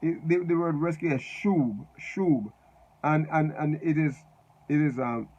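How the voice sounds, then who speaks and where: A man giving unscripted Bible teaching, halting and repeating words as he spells out Hebrew letters. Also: a little high, dark tone, highs cut off.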